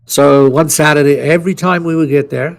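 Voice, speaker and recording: Man, podcast co-host, gravelly voice, casual storytelling, blunt, salty, rambling. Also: on the high side, steady tone, a little fast.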